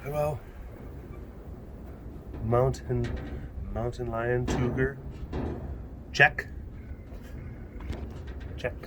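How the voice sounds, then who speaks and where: A man chats casually as he walks the rounds at an animal facility, laughing often. His voice sits at a middle pitch and his pace is slow and unhurried. He is recorded outdoors on a camera mic, with faint noise in the background. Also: steady tone. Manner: chatty, laughs often, talks baby-talk to animals. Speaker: animal caretaker. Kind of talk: casual vlog walkthrough.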